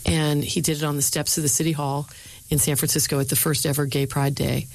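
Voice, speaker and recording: A middle-aged woman, a speechwriter and lecturer, answering interview questions with lively storytelling and quoting others in changed voices. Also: sits low, a little fast, low-quality recording. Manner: animated storyteller, voices quoted people.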